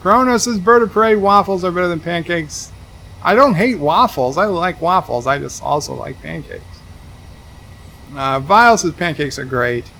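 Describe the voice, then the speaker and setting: Guy streaming a game, reads chat out loud, dry little comebacks, gravelly voice. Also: sits high, lively intonation, moderate pace. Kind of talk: casual livestream commentary.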